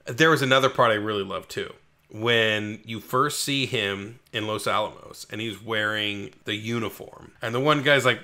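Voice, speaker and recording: Bright-voiced man retelling movie scenes. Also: moderate pace. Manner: animated retelling of scenes, acting out characters with big pitch jumps. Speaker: podcast co-host. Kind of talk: casual movie review chat.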